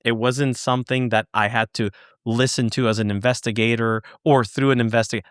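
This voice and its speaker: A man guest on a podcast, earnestly telling a story, halting and searching for words, swearing for emphasis. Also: mid-range voice, steady tone, fairly bright tone, smooth, no echo, clean studio sound. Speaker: podcast guest, former UFO investigator. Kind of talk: conversational storytelling.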